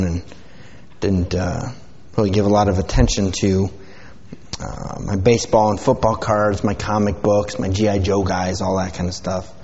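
Speaking in a lowish, somewhat mellow voice, a pastor rambles through an informal, folksy sermon and prayer, using plenty of fillers. It's recorded in a church sanctuary, with dull sound and hall reverb.

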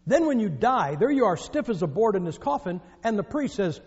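A man's voice: sits high, sing-song, a little fast, a little mellow. A man from the northern United States preaching a sermon, telling jokes and stories with emphatic delivery. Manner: joking, storytelling, emphatic. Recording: echoey hall, dull lo-fi.

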